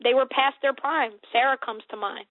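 An American woman in her forties speaks with earnest emphasis, her slightly high voice squeezed through a tinny phone-like line. The sound is dry, with no room around it. She circles back and repeats words as she works out her thoughts. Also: steady tone, normal speed, no echo. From United States. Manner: earnest, emphatic, repeats herself while thinking. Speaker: guest author. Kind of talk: faith-based interview conversation.

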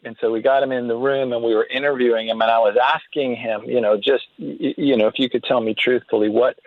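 A man telling a story casually, halting often with fillers and restarts. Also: medium pitch, dry recording. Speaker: interview guest telling a story. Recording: tinny phone-line sound, dry.

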